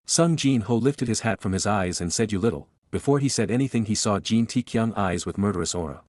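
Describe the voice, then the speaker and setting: Low-voiced man narrating a recap. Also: a little fast, darkish tone, no room sound.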